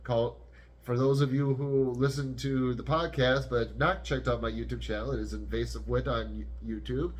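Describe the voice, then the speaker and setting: Young guy podcast cohost, rambly, talks in circles, normal pitch. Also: steady tone, moderate pace. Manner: rambling, self-correcting. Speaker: podcast co-host. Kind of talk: casual podcast chat.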